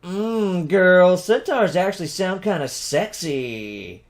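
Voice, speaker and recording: A man voicing a sassy, dramatic young man with loud, excitable exclamations. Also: sits high, slow pace, pitched above the performer's own voice, heavily acted. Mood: excited.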